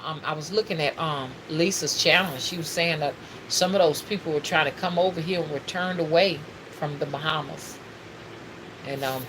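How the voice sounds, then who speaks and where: A woman's voice: deep voice, a bit bright, slight background noise, rough recording. A middle-aged woman, talking casually and preachily to her livestream viewers, calling them y'all. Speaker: spiritual reader and livestream host.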